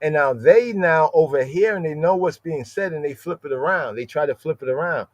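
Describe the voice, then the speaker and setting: A man's voice: on the high side, fairly quick, no room sound. A man teaching a scripture lesson on a podcast, explaining word by word and often checking in with "right?". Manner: explanatory, peppers phrases with "right?". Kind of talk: podcast Bible study lesson. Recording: dull lo-fi dry sound.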